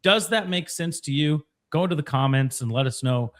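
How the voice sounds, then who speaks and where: A man's voice: a little high, fairly quick, fairly bright tone. A man hosting a podcast in a casual way. He speaks straight to the viewers and invites them to leave comments. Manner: friendly, addresses viewers directly. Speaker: podcast host. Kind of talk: casual chat.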